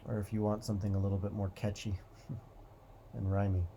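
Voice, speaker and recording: Brief: male host, gravelly, warm low tone, calm repetitive motivational musing, faint background hiss. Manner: calm, repetitive, drawn-out phrasing. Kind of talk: slow reflective motivational monologue.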